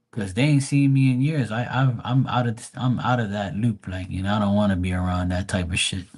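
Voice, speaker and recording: A man hosting a live tarot stream, telling stories bluntly with lots of swearing and mocking asides while reading the chat. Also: on the low side. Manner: profane, blunt storytelling. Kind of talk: casual livestream chat.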